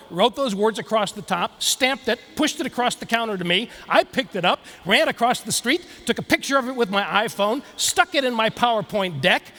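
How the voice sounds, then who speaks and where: A man's voice: high voice, sharp tone. A man giving a motivational keynote speech, telling a story and speaking directly to the audience. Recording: long hall reverb.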